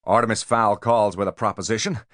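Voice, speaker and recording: A man's voice: on the low side, fairly even intonation, a little fast, no room sound, studio quality, voice pushed up, close to an everyday voice. Brash middle-aged American mogul, put on by a male reader, American accent, pushy and chummy. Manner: loud, breezy, overfamiliar.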